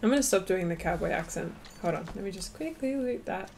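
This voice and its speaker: A young woman giving casual let's-play commentary as a gaming streamer, excitable and quick to exclaim and laugh. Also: fairly low pitch, vocal fry.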